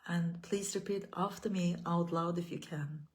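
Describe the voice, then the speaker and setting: A woman healing coach leading a guided meditation, speaking calmly and slowly, with phrases for the listener to repeat. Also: lowish voice. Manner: calm, slow, guiding with repeated phrases.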